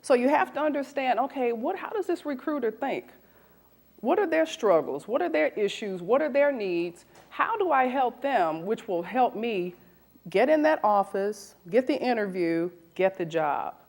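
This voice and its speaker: A woman in her forties, a recruiter, giving a lively talk to an audience and asking them questions. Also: a little high, moderate pace. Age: 40s. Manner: animated, asks the audience questions.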